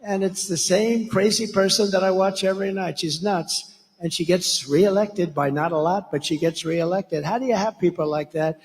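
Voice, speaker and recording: A high-pitched man keeps a steady tone and moderate pace as he speaks as a candidate at a campaign rally. His delivery is blunt and wandering, loaded with asides and insults, and the large venue gives it an echoey hall reverb.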